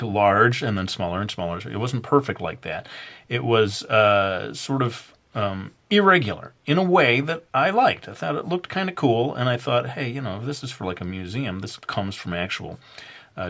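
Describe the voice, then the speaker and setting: A man narrating a drawing tutorial in a relaxed, rambling way, full of ums and uhs and self-deprecating jokes. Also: medium pitch. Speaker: drawing instructor.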